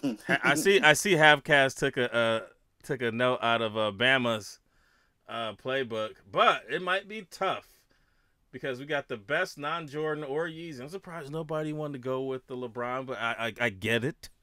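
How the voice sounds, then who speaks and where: Male host, casual panel talk, very bright tone, dry close sound, rambling delivery. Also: medium pitch, moderate pace, dry recording. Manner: rambling, hesitant with many fillers. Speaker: podcast host.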